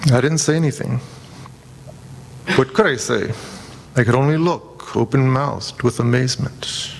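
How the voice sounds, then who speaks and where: Slow, solemn male reader. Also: medium pitch, vocal fry, long reverb tail, a little hiss or hum. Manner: measured, solemn. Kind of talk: slow scripted reading and prayer.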